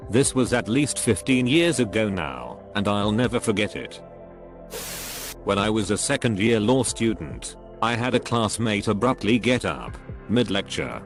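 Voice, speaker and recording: A man narrating a string of short reader stories in an even, scripted reading. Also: lowish voice. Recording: faint music behind the voice. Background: faint background music.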